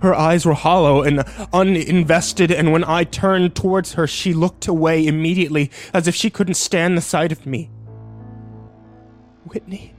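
A man narrating a dark first-person story in a tense, emotional way. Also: a little high, steady tone, moderate pace, hardly any pauses, faint music behind.

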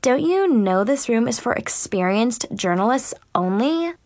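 A woman putting on a shrill, snobby teenage girl. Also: animated, unhurried, darkish tone, dry recording, clean studio sound. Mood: fake-sweet. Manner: shrill, gushing, sarcastic. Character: snobby catty teenage girl, fake-sweet. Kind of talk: audiobook reading.

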